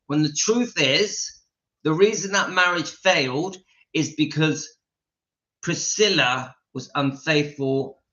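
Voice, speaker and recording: Man, livestream host, forceful bright voice, opinionated, dull lo-fi audio. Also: fairly high pitch. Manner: opinionated, emphatic, reads viewer comments aloud. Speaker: channel host reading live chat. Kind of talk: casual livestream chat.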